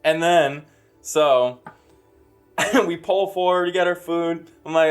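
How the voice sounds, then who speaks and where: A man's voice: fairly high pitch, slow, music in the background. A young man co-hosting a podcast, teasing his friend in casual comedic chat as he tells a story. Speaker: podcast co-host.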